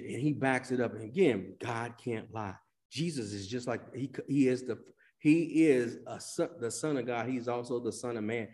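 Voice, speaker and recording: A man preaching a sermon as pastor, rising to loud emphatic lines and dropping to hushed ones, sometimes acting out quoted voices in colloquial speech. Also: mid-range voice. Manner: dynamic preacher, swings between loud emphasis and hushed drops.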